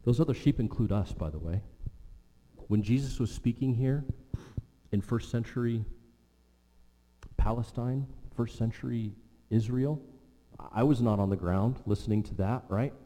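A male pastor delivering a sermon, slow and emphatic, with rhythmic repetition, in a church. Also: medium pitch, warm tone. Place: church sanctuary. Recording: long reverb of a large hall.

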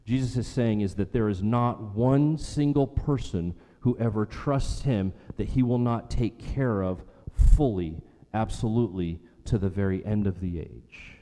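A man preaching a sermon earnestly, repeating phrases for emphasis and slowing down on key lines. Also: lowish voice, warm tone. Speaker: pastor. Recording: long hall reverb.

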